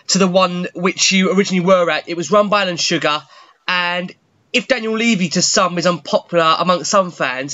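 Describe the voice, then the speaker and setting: A man's voice: high-pitched, pushed and bright, dry recording. A man asking an interview guest polite, well-prepared questions. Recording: dry, dull lo-fi sound.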